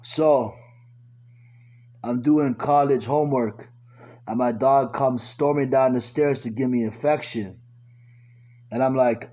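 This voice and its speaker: A man doing stand-up, running through crude, slangy joke stories and voicing every line of the people in them himself. His voice sits in a middle pitch with a soft, mellow tone. The recording is a little dull and muffled. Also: fairly even intonation, unhurried. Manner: crude slangy delivery, acts out quotes himself. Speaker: stand-up comedian. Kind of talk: stand-up jokes told as short stories.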